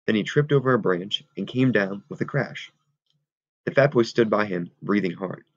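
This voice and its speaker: A man reading a novel aloud in a steady, measured way. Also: lowish voice, dry recording. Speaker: audiobook reader. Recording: dull lo-fi recording.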